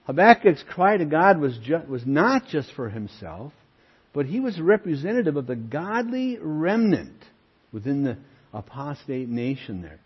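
An older male pastor preaches with a husky, fairly high voice that swings widely in pitch. He presses each point with earnest emphasis and talks straight to his flock. The recording sounds dull and lo-fi. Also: sing-song, measured pace. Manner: earnest preaching, emphatic, addresses listeners as friends. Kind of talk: sermon.

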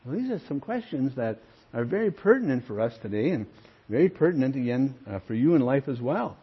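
A man's voice: mid-range voice, big pitch swings, brisk, husky, lo-fi sound. An older man, a pastor, preaching a sermon with earnest emphasis and calling his listeners friends.

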